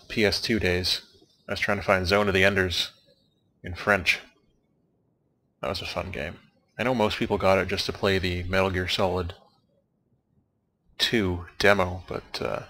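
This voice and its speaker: Low, gravelly man rambling over credits. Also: sharp tone, a little hiss or hum. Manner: wry, dry jokes, meandering asides. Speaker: let's play commentator. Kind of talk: casual rambling commentary over game credits.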